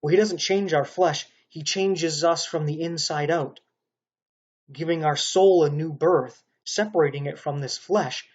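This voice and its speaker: A man's voice: a little high, a little slow, breathy edge. A man preaching a rambling, stern sermon monologue, pressing his points with repeated rhetorical asides. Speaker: online preacher.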